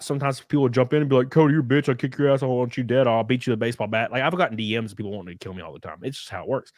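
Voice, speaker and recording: A man's voice: mid-range voice, a bit bright, dry recording, clean studio sound. A young man hosting a casual livestream, rambling with lots of fillers and restarts, swearing freely as he reads chat. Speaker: streamer host reading chat.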